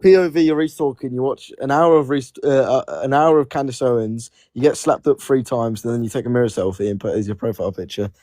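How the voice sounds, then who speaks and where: A man's voice: mid-range voice, quick pace, hardly any pauses, warm tone, no echo, clean studio sound. A man arguing as a guest on a live stream, mocking the host and repeating his jabs. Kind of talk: heated live-stream argument.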